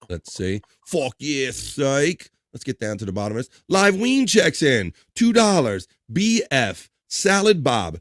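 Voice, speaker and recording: A man's voice: medium pitch, wildly swooping pitch, measured pace, few pauses, a bit bright. A man hosting a live stream, reading viewer messages aloud in a casual way with crude jokes and chuckles.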